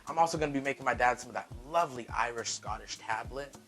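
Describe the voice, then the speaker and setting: Sassy, profane man with a bright voice. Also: mid-range voice, quick pace, few pauses, breathy edge, soft background music, rough recording. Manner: sassy, profane, talks to viewers as "girl" and "honey". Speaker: cooking vlogger. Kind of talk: casual cooking vlog. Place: home kitchen.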